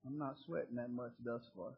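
A man preaching a sermon as pastor, folksy and emphatic, calling out to his congregation and building to loud bursts. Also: medium pitch, fairly even intonation, a little fast, slightly rough, lo-fi sound.

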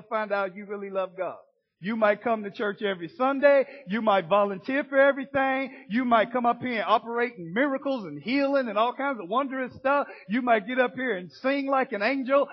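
A man preaching a sermon as pastor, folksy and emphatic, calling out to his congregation and building to loud bursts. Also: sits high, moderate pace, slightly rough, lo-fi sound.

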